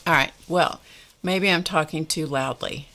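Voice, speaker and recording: Low-voiced chatty woman craft host. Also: unhurried, sharp tone. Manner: chatty, reads viewer comments aloud. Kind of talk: live-stream craft tutorial chat.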